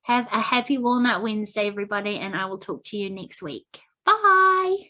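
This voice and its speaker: A woman hosting a podcast, chatting warmly and effusively with her guest over a video call, often moved and gushing with praise. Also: medium pitch, fast talker. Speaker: podcast host. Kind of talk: casual interview chat.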